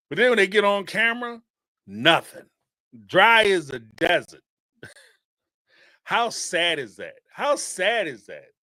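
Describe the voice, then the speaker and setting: A man hosting a reality-TV call-in show, giving sarcastic, animated commentary and laughing often. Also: high-pitched, no echo, clean studio sound. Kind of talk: casual commentary.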